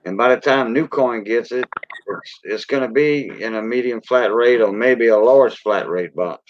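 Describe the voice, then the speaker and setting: A man's voice: medium pitch, normal speed, a little hiss or hum. A man with a Cajun accent hosting a casual livestream, rambling in a folksy way and greeting viewers by name. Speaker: livestream host. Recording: dull lo-fi dry sound.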